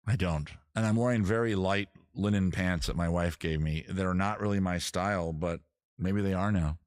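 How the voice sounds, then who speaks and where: A man's voice: low-pitched, normal speed, dry recording, clean studio sound. A man hosting a casual music and drinking show, rambling through self-mocking jokes between songs. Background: guitar music.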